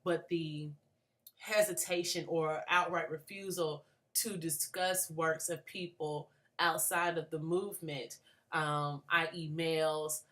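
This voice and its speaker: A woman's voice: low voice, steady tone, slow, a bit bright. A young woman from Atlanta, a graduate student giving a thoughtful spoken response to a book, with frequent fillers and restarts.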